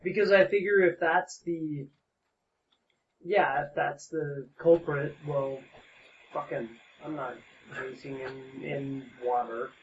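A man playing a tabletop game, talking slowly and hesitantly, swearing now and then. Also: fairly high pitch, steady tone, recorded from a distance. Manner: slow, hesitant, swears casually. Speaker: player. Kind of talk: casual game chat. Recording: dull lo-fi recording from off-mic with faint hiss.

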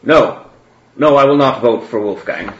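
A man shouting as a raging zealot priest. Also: medium pitch, a little slow, voice pushed up, lightly acted. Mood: defiant. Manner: shouting, vehement refusals. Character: furious zealot male priest, loud and fanatic. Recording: roomy, dull, faint noise.

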